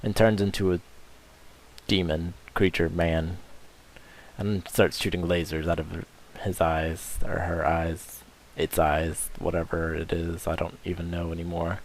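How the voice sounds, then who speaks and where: A man's voice: low-pitched, flat delivery, unhurried, slight background noise. A man giving rambling, crude, joking commentary over his video game playthrough. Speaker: gameplay commentator. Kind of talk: casual let's-play commentary.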